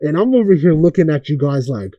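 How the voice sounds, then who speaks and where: Profane ranting young man, dark voice. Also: on the high side, big pitch swings, fairly quick, no room sound, lo-fi sound. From Oakland area. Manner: profane, ranting, rhetorical questions. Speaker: podcast host. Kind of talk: casual podcast rant.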